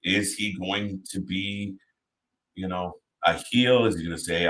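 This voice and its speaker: A man's voice: deep voice, a little slow, a bit bright, slight background noise. A man hosting a live watch party, chatting casually and talking to viewers by name as he reacts.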